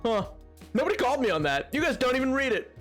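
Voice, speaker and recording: Man streaming a game, high voice, lively swoops, playful joking with chat, faint music behind. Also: fast. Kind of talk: casual live-stream chat while gaming.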